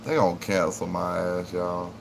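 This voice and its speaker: Guy rambling and cussing on his livestream, lowish voice, faint hum behind. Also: level tone, normal speed, gravelly. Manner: joking, rambling, profane. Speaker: live streamer. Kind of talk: casual live-stream chat.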